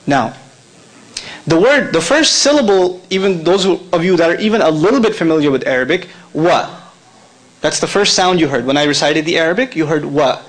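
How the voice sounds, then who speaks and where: A man's voice: a little high, expressive, a little fast, low-quality recording. A man giving a conversational lecture to a live convention audience, joking and quizzing the listeners. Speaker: convention speaker.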